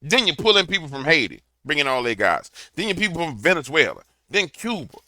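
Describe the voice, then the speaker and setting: A man's voice: fairly high pitch, sing-song, brisk, bright, forceful tone, dry recording. A man giving a preachy political commentary to a camera, telling a fiery story. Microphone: camera mic.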